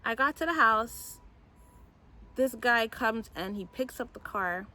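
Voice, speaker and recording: A young adult woman, a mom vlogger, telling a personal story in a candid, animated storytime vlog. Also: a little high, slow.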